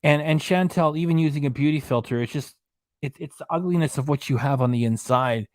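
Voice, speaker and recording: A man's voice: a little high, fairly quick, no echo, clean studio sound. A man delivering angry, indignant commentary, ranting and repeating himself. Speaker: reaction channel commentator.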